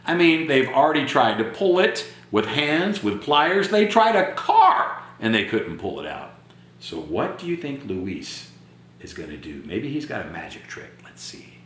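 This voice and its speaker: Male storytime reader, lively and questioning with kids, very echoey room. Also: medium pitch, measured pace. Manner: animated, asks questions of young listeners. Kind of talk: children's read-aloud.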